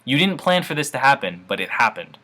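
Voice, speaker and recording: Bright-voiced man giving a casual tutorial. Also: medium pitch, sing-song, fairly quick. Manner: offhand and informal, keeps calling viewers "guys", shrugs things off. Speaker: forex trading instructor. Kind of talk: casual screen-share tutorial.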